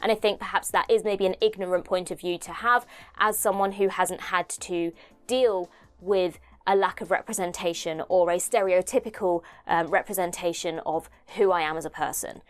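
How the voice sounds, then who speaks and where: A woman's voice: fairly low pitch, steady tone, normal speed. A young woman from the United Kingdom hosting a casual video commentary, chatty and self-deprecating, thinking aloud as she talks. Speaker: host.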